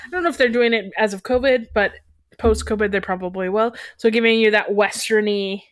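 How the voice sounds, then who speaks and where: A woman from western Canada co-hosts a podcast, chatting casually in a medium-pitched, slightly bright voice. Her thoughts ramble, trail off, and restart as she goes, and the recording is a clean studio sound with no echo.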